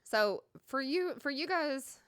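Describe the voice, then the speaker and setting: A woman's voice: high-pitched, lively intonation, takes it slowly, a bit bright, dry recording, clean studio sound. A middle-aged woman with a Kentucky Southern accent, chatting casually and giggling with her live-stream viewers.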